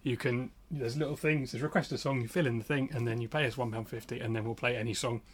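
A man co-hosting a casual podcast from home, joking and rambling through animated stories. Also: medium pitch, fast talker. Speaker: podcast co-host. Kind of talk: casual chat.

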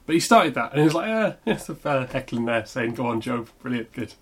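A man, co-hosting a podcast and telling anecdotes in a lively way, acting out what people said. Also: mid-range voice, fast talker, husky. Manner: animated anecdote teller, acts out quotes. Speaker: podcast co-host. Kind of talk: casual podcast chat, storytelling.

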